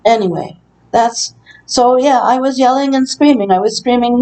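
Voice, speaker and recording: A woman's voice: on the high side, normal speed, mellow, rough recording. A woman in her room at a care facility, telling her story in an earnest, aggrieved way with frequent hesitations. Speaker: long-term care resident. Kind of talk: personal testimony vlog.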